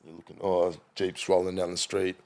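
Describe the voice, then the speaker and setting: A man's voice: sits low, monotone, normal speed, gravelly, mellow, faint music behind. A middle-aged Australian man, a podcast guest, telling loose anecdotes in casual chat with lots of fillers and restarts. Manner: rambling anecdotal storytelling with many fillers.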